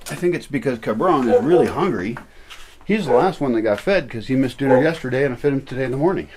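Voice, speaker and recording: Rambling man with a lively voice. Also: medium pitch, fast. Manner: rambling, self-correcting. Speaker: vlogger feeding dogs. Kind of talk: casual vlog narration. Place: outdoors at night among dogs. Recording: noisy outdoor recording. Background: dogs barking and moving about.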